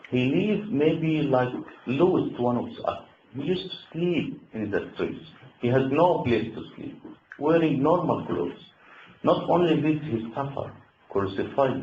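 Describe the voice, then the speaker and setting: An emphatic male deacon preaches in short, simple sentences. The recording sounds roomy and muffled, with a faint hiss underneath. His pitch sits in a middle range. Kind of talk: sermon. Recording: roomy, dull lo-fi hall recording.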